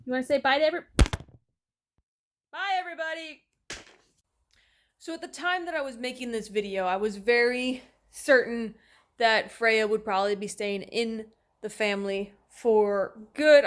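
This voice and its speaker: A young woman chatting casually to camera at home, talking to her cats between thoughts. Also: a little high. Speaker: vlogger. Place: at home, indoors.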